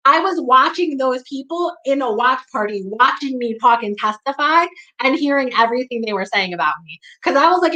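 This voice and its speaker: Woman, New York accent, outspoken, emphatic, high-ish voice, candid talk to camera. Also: expressive, fairly quick, sharp tone, poor audio. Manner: blunt and emphatic, heavy use of "like", swears when riled. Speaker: community talk host.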